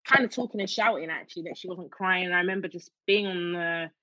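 A woman's voice: fairly low pitch, quick pace, pushed and bright, no room sound. A woman telling a personal story as an interview guest, emotional, with many fillers and restarts. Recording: dull dry lo-fi sound.

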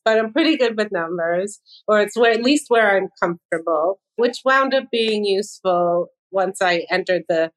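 A woman's voice: mid-range voice, moderate pace, rough recording. A woman in her fifties, a fashion designer guest on a podcast, talking in a candid, self-deprecating way. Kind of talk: casual interview chat.

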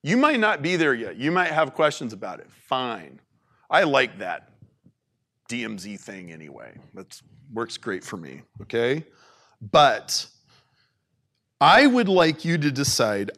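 A man giving an informal faith talk to an audience, animated and conversational, with plenty of "like"s. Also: mid-range voice, unhurried. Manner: animated, conversational preaching with many "like"s.

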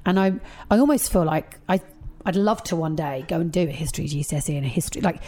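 A woman in her thirties, talking as a guest in a casual chat. She tells her stories in an animated, chatty way, full of quick asides. Her voice sits a little low for a woman. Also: slight background noise. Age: 30s.

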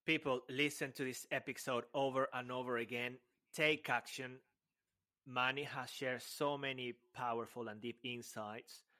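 A man's voice: medium pitch, fairly even intonation, normal speed, bright, forceful tone. Effusive male podcast co-host. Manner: effusive, praising, playful. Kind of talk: casual podcast chat.

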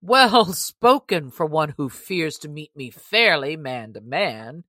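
A woman reading aloud and voicing a boastful male cudgel champion who shouts mocking taunts in old-fashioned English. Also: sits low, animated, slow pace, no echo, exaggerated voice. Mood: scornful.

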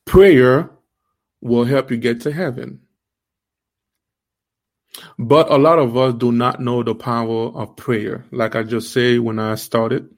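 Guy with an accent preaching on his stream, keeps asking do you know, stumbles and restarts, voice jumps up when he pushes a point. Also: fairly even intonation. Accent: non-native accent. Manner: emphatic, repeated rhetorical questions; halting restarts, rising pitch when stressing. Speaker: host of an online faith series. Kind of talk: livestream preaching.

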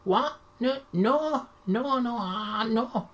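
A woman's voice: a little high, expressive, drawn-out words, voice pushed up. A woman voicing a modest male football caretaker manager in a comedy sketch, who rambles and hesitates with lots of fillers. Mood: bashful.

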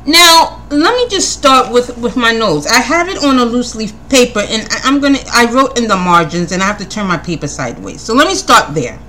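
An animated woman with a fairly high, lively voice hosts a podcast, working through her handwritten notes. She rattles off pointed questions one after another, doubling back on her words, with a preacher's conviction. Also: a little hiss or hum. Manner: animated, rapid-fire questioning, repeats words; preacherly Christian tone. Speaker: podcast host. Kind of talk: casual commentary from notes.

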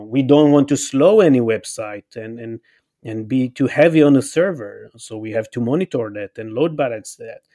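A man's voice: medium pitch, dark tone. A man guesting on a podcast interview, a company boss laying out his view. His voice sits in a medium range. He talks earnestly and persuasively and often turns to the listener with "think about" and "okay". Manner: earnest, persuasive explaining with direct appeals.

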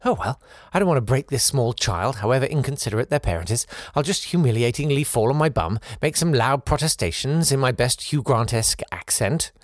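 A man's voice: mid-range voice, brisk, no echo, clean studio sound. A man hosting a podcast, reading out a listener's letter with playful asides of his own. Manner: animated, playful asides between read passages.

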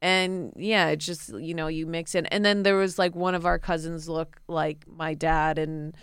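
A woman's voice: deep voice, steady tone, measured pace, clear, resonant tone, no echo, studio quality. An American woman, a guest on a podcast, chatting casually with laid-back, dismissive asides. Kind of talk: casual chat.

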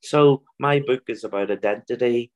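A man with a Belfast accent, a guest author telling animated stories in an interview. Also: mid-range voice, normal speed. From Belfast, Northern Ireland. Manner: animated storyteller, mimics voices in anecdotes. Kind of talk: storytelling interview.

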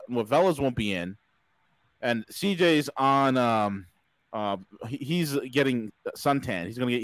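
A man's voice: mid-range voice, clean tone, no room sound, low-quality recording. A man hosting a casual live-stream talk show, jokey and rambling, laughing at his own gags. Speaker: host.

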